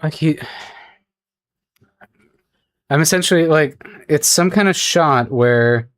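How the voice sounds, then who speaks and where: A man's voice: fairly high pitch, moderate pace, fairly bright tone, dry recording. A man chatting casually with his viewers on a livestream while he draws, rambling and laughing often. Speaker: streamer.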